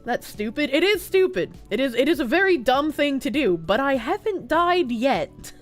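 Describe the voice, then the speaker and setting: A young woman streamer with a stuffy nose, chatting casually and softly with her chat, giggling and swearing freely. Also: high voice, very animated, normal speed, soft background music. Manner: soft-spoken, not loud, giggly, swears casually. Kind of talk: casual live-stream chat, reading chat messages aloud.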